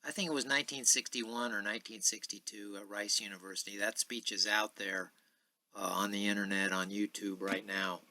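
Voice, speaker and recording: A man in his sixties hosting a podcast in a casual, rambling monologue full of filler pauses. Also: on the low side, steady tone, pushed and bright. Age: 60s. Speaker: podcast host.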